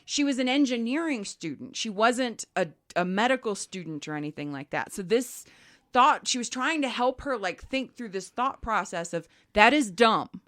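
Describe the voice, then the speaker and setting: Animated woman podcast host. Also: on the high side. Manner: animated, acts out quoted voices. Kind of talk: casual chat, reading a listener email.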